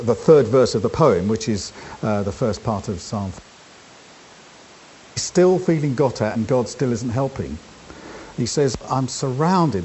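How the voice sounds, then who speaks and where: A man preaching a sermon, talking in an unhurried, thoughtful way with frequent fillers and restarts. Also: mid-range voice, darkish tone, slight background noise.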